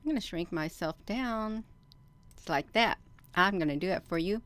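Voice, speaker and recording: A livestream host with a lowish, expressive, fairly bright voice talks at a normal speed. Chatty and rambling, she addresses her viewers as "you all" during her casual stream.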